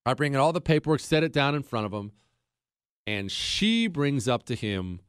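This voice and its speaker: Animated man telling a story. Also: medium pitch, moderate pace, clear, resonant tone, no room sound, studio quality. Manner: animated, jokey, addresses listeners directly. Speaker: podcast host. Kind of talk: casual storytelling monologue.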